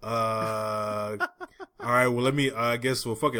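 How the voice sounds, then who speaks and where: A man co-hosting a podcast, ranting loudly with lots of swearing and laughter in casual chat. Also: medium pitch, steady tone, slow pace. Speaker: podcast co-host. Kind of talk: profane comedic ranting chat.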